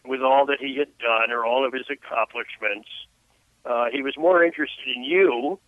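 A man's voice: mid-range voice, no room sound. An older man, an author and guest on a phone interview, telling stories in a reflective way with many restarts. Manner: reflective storyteller with frequent restarts. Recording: tinny phone line.

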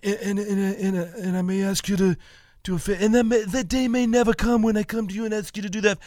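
A man on talk radio putting on a gravelly, mumbling voice of an aging mafia boss as a comic impression. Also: high voice, steady tone, fast talker, a little mellow, a little hiss or hum, pitched above the performer's own voice, close to an everyday voice. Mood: menacing offer.

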